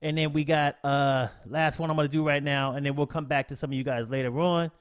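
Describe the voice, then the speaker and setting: A man hosting a live stream tutorial, greeting his chat with lively slang before the software rundown. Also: on the high side, fairly quick, smooth. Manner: animated, slangy shout-outs to chat. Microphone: desk mic, no camera.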